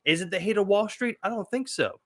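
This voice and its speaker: Baltimore dude on a podcast, kinda high voice, keeps saying listen bro. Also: male voice. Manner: cuts in, repeats "listen" and "bro", halting. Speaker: podcast co-host. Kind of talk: casual podcast chat.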